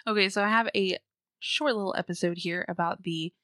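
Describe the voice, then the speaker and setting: A woman's voice: mid-range voice, steady tone, fairly quick, fairly bright tone, dry recording, clean studio sound. A woman co-hosting a podcast, chatting casually and telling a true-crime story with fillers and giggles. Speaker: podcast co-host.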